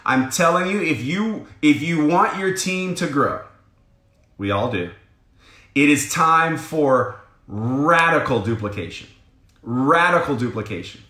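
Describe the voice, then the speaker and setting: A man gives his sales team a motivational training talk with a coaching energy, checking in with them again and again. His voice is bright and forceful. The recording has a roomy echo around it. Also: fairly high pitch, unhurried. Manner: energetic, coaching, keeps asking "right?". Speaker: team leader giving a sales training call.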